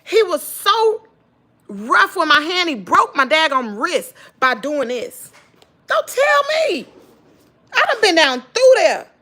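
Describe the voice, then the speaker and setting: A middle-aged woman with a Mississippi Southern accent tells her viewers an emotional personal story, emphatic and direct. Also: high-pitched. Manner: animated, emphatic, addresses listeners as girl and y'all. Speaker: vlogger.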